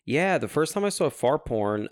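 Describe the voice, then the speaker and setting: A young man rambles through crude jokes on a casual podcast, with plenty of fillers. His voice sits at an ordinary pitch. He is recorded close and dry. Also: sing-song, normal speed, no echo. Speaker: podcast co-host. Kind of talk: casual chat.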